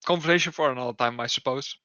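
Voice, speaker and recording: A man's voice: medium pitch, very fast, bright, forceful tone, dry recording. A man, needling and stubborn as he plays his character in a tabletop game. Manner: wry, needling, stubborn banter. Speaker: player. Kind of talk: in-character tabletop role-play. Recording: dull lo-fi dry home mic.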